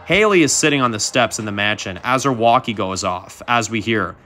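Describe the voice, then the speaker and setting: A man narrating a fan survival story in a plain, steady storytelling manner. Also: on the low side, fairly quick, faint music behind.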